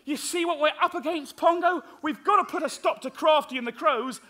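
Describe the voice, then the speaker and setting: A man playing a cheerful, excitable farmer in a live children's stage show, exclaiming and calling out to the audience. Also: very high-pitched, fairly quick, a little hiss or hum. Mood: worried. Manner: animated, exclamatory, talks to the audience.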